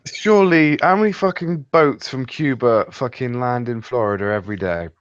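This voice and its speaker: A man's voice: medium pitch, normal speed, no room sound, lo-fi sound. A man in casual conversation, blunt and skeptical, swearing often.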